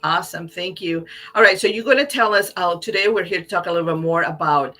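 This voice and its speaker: Woman host, bright forceful tone, enthusiastic and encouraging interviewer. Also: on the low side, fast. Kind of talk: interview hosting.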